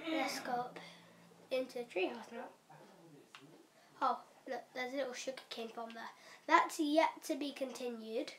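Chatty high-voiced young woman. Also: slight background noise. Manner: chatty and hurried, with fillers and quiet whispered asides. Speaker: gaming vlogger. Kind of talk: casual game walkthrough. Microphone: camera mic.

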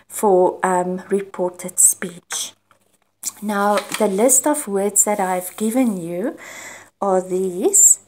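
Slow, patient South African woman teacher. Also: medium pitch, dark tone. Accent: South African English. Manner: slow, patient explaining with example sentences. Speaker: English teacher. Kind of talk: online grammar lesson.

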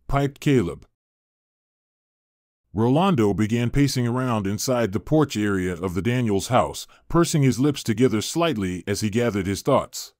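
A man's voice: mid-range voice, expressive, normal speed, a little mellow, no room sound. Man reading an audiobook, dry sound. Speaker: audiobook narrator. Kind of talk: audiobook narration.

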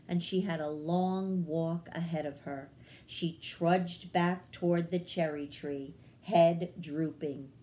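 A woman reading a children's chapter book aloud as a librarian, in a gentle storytelling manner. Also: lowish voice, a little hiss or hum.

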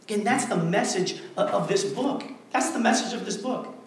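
A male pastor preaching a sermon, emphatic and repetitive, swinging between hushed passages and forceful declarations. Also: high voice, moderate pace, creaky, a little hiss or hum. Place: church sanctuary. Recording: very echoey church hall, mic far off.

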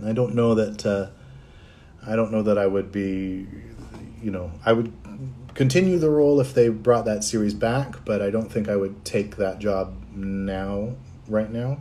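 A man's voice: lowish voice, dark tone, a little hiss or hum. Man chatting casually with fans. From Canada. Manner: reads out fan comments and answers them in a chatty, friendly way. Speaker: voice actor answering fan chat on a livestream. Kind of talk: casual livestream chat.

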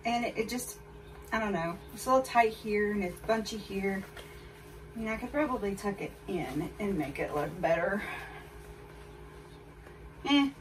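A woman's voice: mid-range voice, lively intonation, normal speed, pauses often. Chatty woman vlogger, slightly distant mic. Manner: chatty, candid, addresses viewers directly. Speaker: fashion haul vlogger. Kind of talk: casual try-on haul chat. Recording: voice a bit far from mic, faint background noise.

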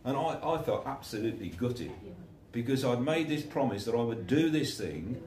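A man gives an informal sermon in a chatty way, telling stories and acting out the voices of the people in them. His mid-range voice is a little mellow, with lively intonation and a moderate pace. He sounds distant in an echoey room, with slight background noise.

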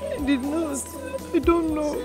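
A young actress with a Nigerian accent playing an orphaned girl who pleads softly and tearfully. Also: high-pitched, expressive, unhurried. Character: young orphan woman begging forgiveness. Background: film score music.

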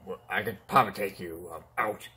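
A man's voice: low-pitched, a little fast, bright, forceful tone. A man voicing a boastful, whiny male clown villain in a toy-figure fan play, pleading and taunting by turns and yelping in pain.

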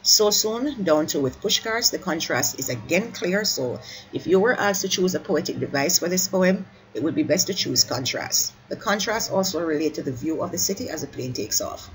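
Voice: medium pitch, animated, brisk, a little hiss or hum, poor audio. A teacher explaining a poem line by line, correcting slips and apologizing mid-sentence, and urging listeners to keep up.

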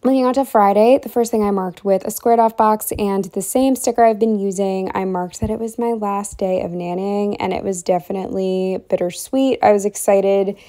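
A woman's voice: mid-range voice, fairly even intonation, moderate pace, hardly any pauses, dark tone. A young woman chatting casually through a planner spread, rambling with lots of fillers and running short of breath. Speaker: planner vlogger. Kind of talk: casual planner walkthrough voice-over.

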